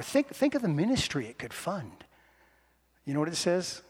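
Animated preacher in a reverberant church. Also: male voice, on the high side, moderate pace, husky. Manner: animated, playful, conversational preaching. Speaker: pastor. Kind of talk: lively sermon. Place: church sanctuary. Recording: long reverb of a church hall.

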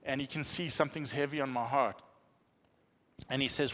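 A man telling a humorous, animated testimony as a pastor in a church. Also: mid-range voice, normal speed, long reverb tail. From South Africa. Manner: animated storytelling, self-deprecating humor. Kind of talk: sermon testimony.

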